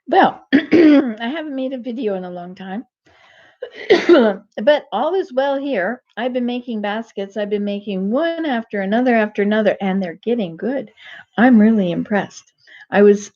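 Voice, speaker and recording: An older female vlogger chats to her viewers in a homespun live-stream monologue, drifting between thoughts and often starting her sentences over. Her voice is slightly high and a little mellow, and the webcam audio comes through dull and muffled.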